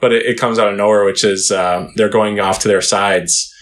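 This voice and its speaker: A man's voice: on the low side, steady tone, moderate pace, fairly bright tone. A man co-hosting a casual podcast chat, laughing often and swearing as he acts out lines from the show. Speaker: podcast co-host.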